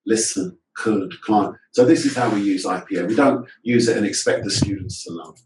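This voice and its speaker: A man's voice: fairly low pitch, fast talker, a little mellow, slight background noise. A male teacher trainer giving a webinar presentation on a video call. He explains points and drills words aloud, often asking rhetorical questions. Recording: echoey room audio from a distance.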